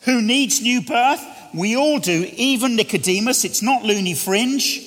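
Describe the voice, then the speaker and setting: A middle-aged man preaching a sermon, often questioning the congregation and sinking to quiet, hushed lines. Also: extremely high pitch, lively intonation, a little slow. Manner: asks the congregation questions, drops to quiet near-whispers. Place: church. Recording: long church reverb.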